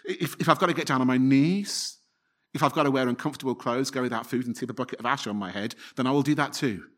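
A man's voice: medium pitch, fast, fairly bright tone. A man preaching a sermon, earnest, often repeating his phrases and asking the congregation rhetorical questions.

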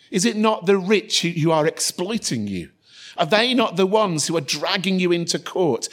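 A man preaching a sermon, informal with joking asides and repeated phrases. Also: mid-range voice.

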